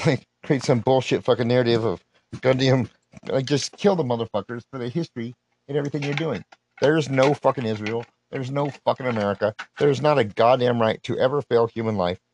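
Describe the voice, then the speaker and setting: A man's voice: mid-range voice, a little mellow, no room sound, poor audio. Man in a profane, rambling rant. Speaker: solo podcaster. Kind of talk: unscripted live rant.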